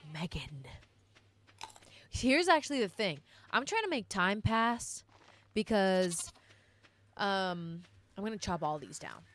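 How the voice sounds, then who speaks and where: A woman's voice: medium pitch, big pitch swings, slow pace, long pauses, a bit bright. Chatty young woman gaming vlogger. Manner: chatty, rambling, talks to viewers. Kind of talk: casual gameplay commentary.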